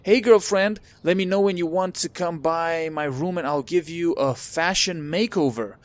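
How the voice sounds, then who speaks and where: A man's voice: a little high, moderate pace, voice pushed up, close to an everyday voice. A man voicing a bubbly young woman classmate who is fashion-minded and chirpy, reading her text message aloud in a raised, sing-song voice.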